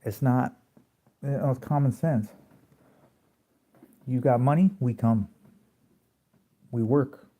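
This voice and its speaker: A man's voice: medium pitch, slow pace, pauses often, dark tone. A man ranting on a late-night livestream, confrontational and preachy, firing off rhetorical questions and swearing freely. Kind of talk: late-night rant to a live audience. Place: at home at night.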